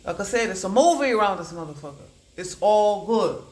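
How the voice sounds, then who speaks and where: A woman giving a channelled oracle card reading. She rambles and repeats words in chanting bursts, swinging between low murmurs and loud declarations. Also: animated, a little fast. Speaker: psychic oracle card reader. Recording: echoey room.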